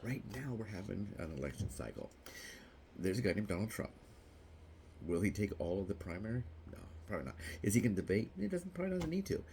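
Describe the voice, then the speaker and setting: Gravelly low-voiced man ranting. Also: very animated, quick pace, a little mellow, a little hiss or hum. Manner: mocking, jumps to shrill squeals; laughs at his own jokes. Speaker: vlogger. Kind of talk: rambling political vlog monologue.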